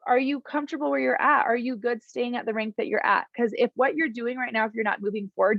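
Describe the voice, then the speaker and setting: A woman's voice: a little high, dry recording, muffled recording. A young woman, giving a casual motivational talk to her team. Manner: warm, encouraging, emotional at times; chatty with many fillers. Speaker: team leader addressing her downline.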